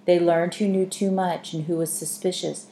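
A woman voicing a frightened ghostly woman in a nightgown, speaking in a hushed, urgent way. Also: lowish voice, little pitch movement, moderate pace, close to an everyday voice. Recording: echoey room, faint hiss.

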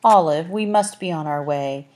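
The speaker is a woman whose low-pitched, slightly mellow voice stays close to how she'd normally talk, at normal speed. She's reading a storybook role: a haughty, brusque orange tomcat guide with a dry, clipped, condescending way of speaking.

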